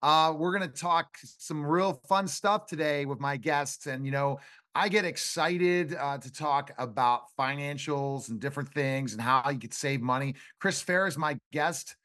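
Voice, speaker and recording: A man's voice: fairly high pitch, a little slow, fairly bright tone, no echo. A man hosting a talk show, introducing guests with upbeat enthusiasm. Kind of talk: casual interview chat.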